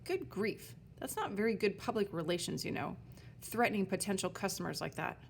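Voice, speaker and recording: A woman voicing a hungry, sharp-tongued young girl in a storybook reading, snapping back with sarcasm. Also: medium pitch, expressive, fairly quick, gravelly, slight background noise. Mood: snappy.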